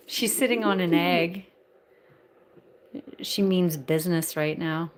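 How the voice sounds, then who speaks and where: A woman's voice: lowish voice, slow, long pauses, a little hiss or hum. Woman vlogging at home, takes her time, coos baby talk at her birds. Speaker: pet bird keeper and vlogger. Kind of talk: casual home vlog. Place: indoors at home among plants and birds.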